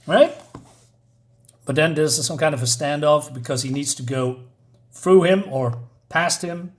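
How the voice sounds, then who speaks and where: A man's voice: fairly high pitch, expressive, moderate pace. A man reviewing a comic book in a chatty, casual way, with many fillers and asides.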